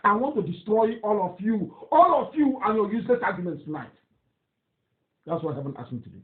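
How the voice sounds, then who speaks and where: A man's voice: high-pitched, expressive, brisk. Fiery Nigerian man on a tinny line. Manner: fiery, scornful, repetitive, laughs derisively. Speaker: political activist broadcaster. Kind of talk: impassioned radio broadcast.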